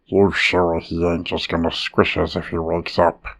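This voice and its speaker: A man's voice: low voice, monotone, a little slow, vocal fry, fairly bright tone, heavily acted. A man voicing a nervous male goblin underling who speaks with worry and hesitation. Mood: worried. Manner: worried, hesitant.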